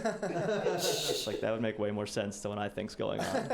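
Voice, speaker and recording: There's a crowd in the background as a man in his late twenties works through a relaxed, self-deprecating stand-up bit on a live stage, saying "like" a lot. He has a gravelly mid-range voice and keeps a moderate pace.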